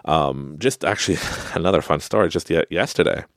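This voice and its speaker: A man's voice: very deep voice, brisk, dry recording, clean studio sound. A man hosting a podcast, telling rambling stories in a casual monologue, full of fillers and frequent laughs. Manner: rambling storytelling with many fillers. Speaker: podcast host.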